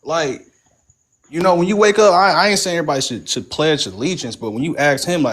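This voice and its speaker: A man's voice: on the high side, expressive, normal speed, a bit bright, a little hiss or hum. A man from the United States talking emphatically in casual chat, repeating his points.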